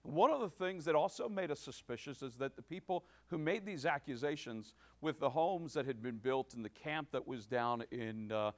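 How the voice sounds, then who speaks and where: A male pastor giving a sermon, with many restarts and fillers, building to emphatic points. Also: a little high. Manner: halting with many restarts, rising to emphatic preaching.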